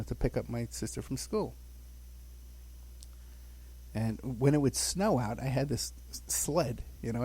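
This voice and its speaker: Husky-voiced older man from the Bronx. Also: medium pitch, dark tone. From the Bronx, New York. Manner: rambling, chuckling, full of "you know". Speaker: guest recounting his childhood. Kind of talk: casual storytelling on a podcast.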